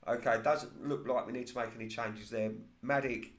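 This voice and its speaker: Excitable man calling his own football sim. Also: medium pitch, moderate pace, roomy sound. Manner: excitable play-by-play, laughs at his own slips. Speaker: commentator of his own football management game. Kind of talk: casual solo game commentary.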